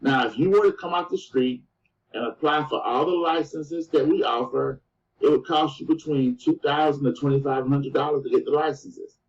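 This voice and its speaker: A man giving a motivational sales presentation, telling his story in an animated way and often calling the listeners "guys" and "man". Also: fairly high pitch, moderate pace. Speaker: business presenter. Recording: distant, dull lo-fi sound.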